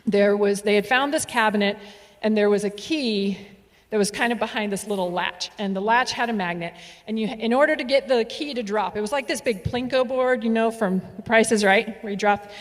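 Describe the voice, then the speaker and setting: A woman telling a story on stage, playful and animated, with laughs and asides. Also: medium pitch, brisk. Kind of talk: live storytelling performance. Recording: reverberant hall.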